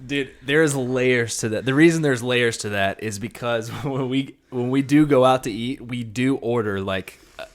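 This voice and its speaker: A man co-hosts a relaxed podcast, ribbing his friend with dry, teasing remarks. His voice sits at a plain middle pitch. He is from Georgia. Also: normal speed. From Georgia, USA. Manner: teasing, wry banter. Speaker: podcast co-host. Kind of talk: casual chat.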